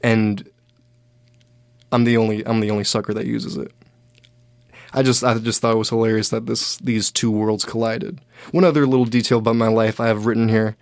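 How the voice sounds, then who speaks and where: A man's voice: lowish voice, flat delivery, dry recording. Rambling young man telling a story. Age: young adult. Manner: rambling, self-mocking, with many restarts and quick asides. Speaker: host. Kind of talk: casual storytelling monologue.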